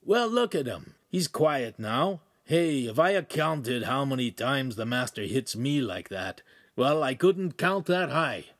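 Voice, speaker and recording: A man reading an audiobook, voicing a rough male servant who speaks broken English with a slow, mocking drawl. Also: medium pitch, sing-song, a bit bright, dry recording, clean studio sound.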